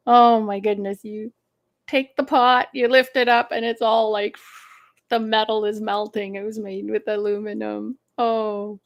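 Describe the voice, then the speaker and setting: A middle-aged woman speaking as a stress management coach in a live advice talk, gentle and unhurried with easy laughs. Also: mid-range voice, level tone.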